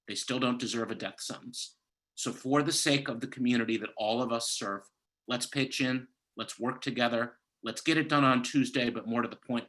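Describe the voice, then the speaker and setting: A man's voice: mid-range voice, a bit bright, low-quality recording. A man giving an impassioned political speech over a video call, rallying his audience with a repeated, building cadence. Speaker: candidate speaking at a party gala.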